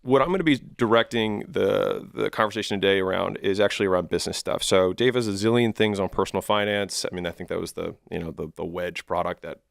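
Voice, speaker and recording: A man as interviewer, asking questions hesitantly and filling pauses with "um" and "kinda". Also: low voice, gravelly, no echo, studio quality. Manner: hesitant, with many fillers.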